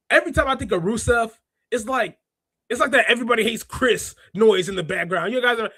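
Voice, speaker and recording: A man hosting a wrestling review podcast, chatting casually and slangily, reading out chat comments and bursting into laughs and shouts. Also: high voice, dry recording. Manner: excitable, laughs often and breaks into shouts; slangy, talks straight to chat readers. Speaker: podcast host.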